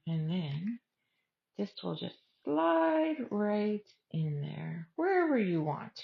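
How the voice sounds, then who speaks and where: A woman's voice: medium pitch, sing-song, slow pace, gravelly, muffled recording. Chatty woman demonstrating a craft. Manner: chatty, thinks aloud while working. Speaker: craft class host. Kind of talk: casual step-by-step craft demo.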